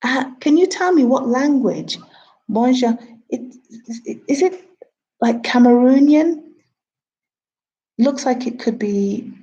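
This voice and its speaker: A woman in her thirties chatting casually on a livestream, unhurried and easygoing. Her voice is mellow and warm, recorded with a dull, muffled sound. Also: high-pitched, lively intonation. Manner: chatty, talks to herself and viewers. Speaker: TV producer.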